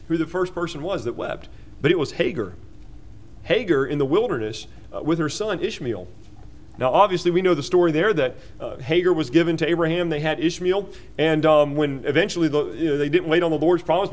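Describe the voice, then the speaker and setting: High-voiced man preaching a sermon. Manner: earnest teaching, explaining word meanings with fillers.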